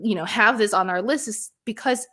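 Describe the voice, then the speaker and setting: A woman co-hosting a tech podcast in casual chat, talking with quick asides and plenty of fillers. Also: medium pitch, bright, forceful tone.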